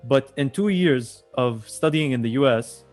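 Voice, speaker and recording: A man's voice: mid-range voice, unhurried, darkish tone, faint music behind. A young man co-hosting a podcast, explaining at length in casual chat, often repeating words. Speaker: podcast co-host.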